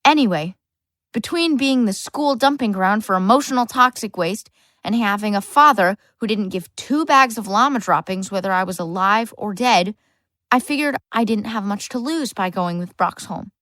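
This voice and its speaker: A woman's voice: mid-range voice, animated, normal speed, fairly bright tone, no echo, studio quality, lightly acted. A woman narrating a full-cast audiobook as a lonely, bookish boy, earnest with wry asides. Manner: earnest first-person storytelling, wry asides.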